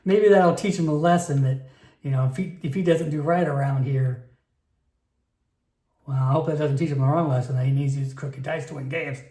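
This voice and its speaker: A man's voice: fairly high pitch, fairly even intonation, brisk, mellow, lightly acted. A man voicing a wry, chatty middle-aged male tavern keeper, recorded in an echoey room.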